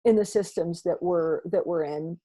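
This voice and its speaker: A woman guest speaks earnestly as a career coach, encouraging and measured. Her voice is mellow and a little husky. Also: lowish voice. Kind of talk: interview conversation.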